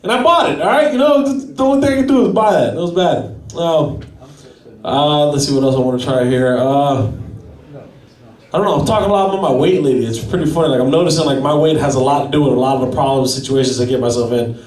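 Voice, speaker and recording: A man's voice: on the high side, quick pace, darkish tone. A man doing a self-deprecating stand-up set at an open mic, chatting with the crowd. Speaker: stand-up comedian. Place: small gallery venue at an open mic. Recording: echoey room from a distance.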